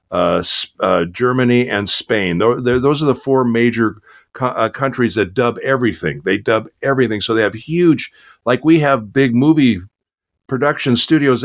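A man who works as a voice actor, telling stories in a casual interview, with many fillers and restarts. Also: medium pitch. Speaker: voice actor guest.

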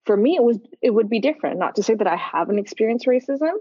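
A woman's voice: a little high, animated, quick pace, darkish tone, slightly rough, dry recording. A woman from Dublin hosting a casual conversation and speaking in a reflective, earnest way. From Dublin, Ireland. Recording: dry, slightly dull recording.

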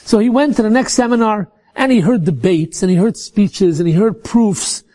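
A man telling a religious story in an animated way, often repeating words as he restarts. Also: high voice, moderate pace.

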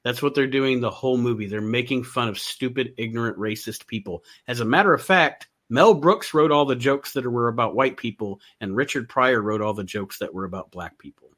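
A man hosting a casual chat about films, animated, often laughing and restarting his sentences. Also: medium pitch, fairly quick, hardly any pauses. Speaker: podcast host.

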